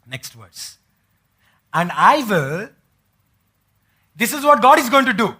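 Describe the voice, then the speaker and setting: High-voiced pastor preaching. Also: male voice, big pitch swings, slow, bright, forceful tone, breathy edge. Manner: preaching with rhetorical questions to the congregation; acts out the words of biblical figures. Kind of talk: sermon. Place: church.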